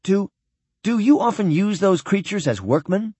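A man's voice: sits high, very animated, normal speed, mellow, breathy edge, no room sound, pitched above the performer's own voice, heavily acted. A man voicing an eager young woman who asks direct questions.

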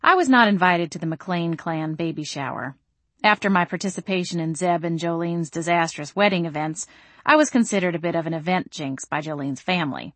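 A woman's voice: on the low side, dry recording. Wry woman narrating a story. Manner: wry, deadpan delivery. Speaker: audiobook narrator. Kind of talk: first-person audiobook narration.

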